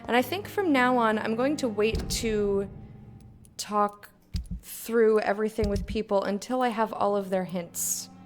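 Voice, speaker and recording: A woman's voice: medium pitch, a little slow, faint music behind. A woman giving casual commentary while playing a video game, chatty and giggly, talking to herself. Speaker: gamer.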